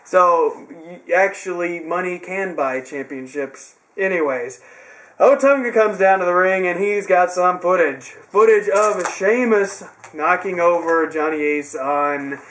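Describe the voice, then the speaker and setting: Young male reviewer, high voice, chatty and sarcastic, loose home-video feel. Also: a little slow, a bit bright. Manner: rambling, sarcastic asides. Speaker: wrestling show reviewer. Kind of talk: casual recap.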